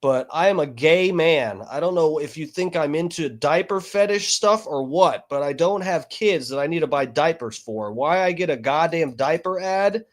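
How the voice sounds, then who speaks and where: A man with a fairly high voice rambles through casual stream commentary, cursing freely and padding his talk with fillers. He speaks into a desk microphone. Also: lively intonation, moderate pace, few pauses. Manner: rambling, profane, frequent fillers. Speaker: streamer reacting to videos.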